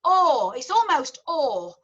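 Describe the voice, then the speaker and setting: Bright high Yorkshire choir leader. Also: female voice, sing-song, takes it slowly, dull audio. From Yorkshire, England. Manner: chatty and encouraging, explains step by step. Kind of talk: online rehearsal instruction.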